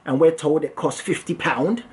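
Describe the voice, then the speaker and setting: Animated English man telling a story. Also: fairly high pitch, moderate pace. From England. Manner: animated, self-mocking storytelling. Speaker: property investor and channel host. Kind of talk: storytime vlog.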